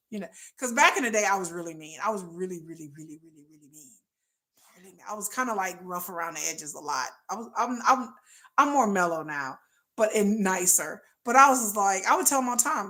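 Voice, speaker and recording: A middle-aged woman hosting a livestream, chatting casually and acting out quoted lines in a lowered voice. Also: fast talker. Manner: animated, acts out quotes in lowered voice. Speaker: livestream host. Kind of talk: casual storytelling chat.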